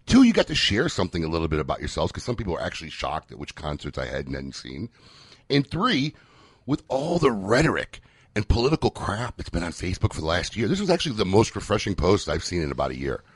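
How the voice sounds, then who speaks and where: A male talk radio co-host rants in a husky voice, talking fast and chatty. His pitch swings up and down a lot, and the studio mic sounds close and dry. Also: no room sound. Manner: chatty, animated, ranting. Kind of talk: casual radio banter.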